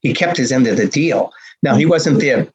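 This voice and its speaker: Husky older man telling stories. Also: mid-range voice, expressive, normal speed. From Boston area, USA. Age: 60s. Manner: acts out dialogue, punchy repetitions. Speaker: guest telling his life story. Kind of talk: animated storytelling. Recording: dull lo-fi recording.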